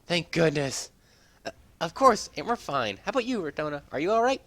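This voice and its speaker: Man voicing a stammering anxious young man, high voice, very lively delivery. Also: brisk. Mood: urgent.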